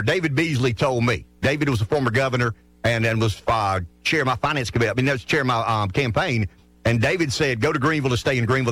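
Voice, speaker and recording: Lively earnest radio host, man. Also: mid-range voice, no echo. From South Carolina. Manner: earnest, stammering restarts when making a point. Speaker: radio talk show host. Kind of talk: call-in radio talk. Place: radio studio.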